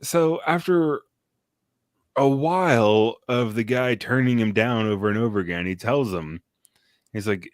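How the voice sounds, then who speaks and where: A man's voice: medium pitch, lively intonation, measured pace, dry recording, studio quality. A man on a casual stream, recapping a film in a loose, rambling, profane way with plenty of fillers. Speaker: podcast co-host. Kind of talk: casual chat, movie review.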